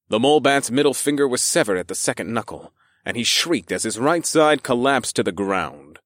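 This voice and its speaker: A man's voice: mid-range voice, no echo. Man narrating a fantasy audiobook, dry sound.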